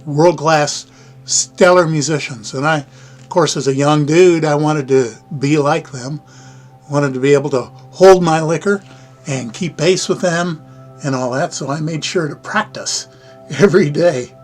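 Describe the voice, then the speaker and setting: A man's voice: on the high side, measured pace, darkish tone, soft background music. Rambling older American man hosting a livestream. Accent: Midwestern American. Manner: rambling, folksy, chuckling asides. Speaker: livestream host. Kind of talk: casual live-stream chat.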